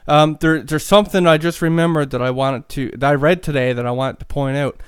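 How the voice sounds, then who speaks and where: A man's voice: fairly high pitch, fairly even intonation, fairly quick, smooth, no echo, clean studio sound. A man hosting a podcast, talking casually in a rambling way with many fillers and restarts. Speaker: podcast host.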